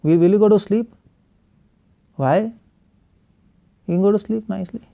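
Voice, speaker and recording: A man's voice: sits high, moderate pace, gravelly, mellow, lo-fi sound. A male preacher giving an online spiritual class over a video call, firing rhetorical questions at the class and chuckling often.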